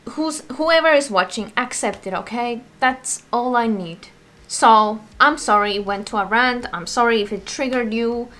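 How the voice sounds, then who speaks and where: A woman's voice: on the high side, normal speed, a bit bright. A woman vlogger in a casual Q&A, rambling and swearing a lot, sounding mentally exhausted. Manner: rambling, full of "like", swears often. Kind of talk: casual ranting Q&A to camera.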